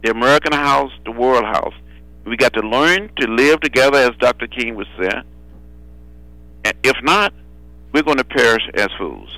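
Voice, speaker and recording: An older man speaks as a phone guest, his voice bright and forward. He is measured and builds rhythm by repeating phrases. The sound is dry, with no room around it. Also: mid-range voice, no echo, poor audio. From Alabama. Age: 70s. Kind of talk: phone interview storytelling. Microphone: telephone.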